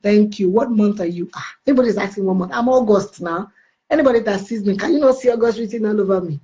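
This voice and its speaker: A woman's voice: mid-range voice, fast, mellow, highs cut off. A middle-aged woman with a Nigerian accent, chatting casually on a live stream and greeting viewers by name. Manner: chatty, playful, answers comments by name with blessings. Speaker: live-stream host reading viewer comments. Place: United Kingdom.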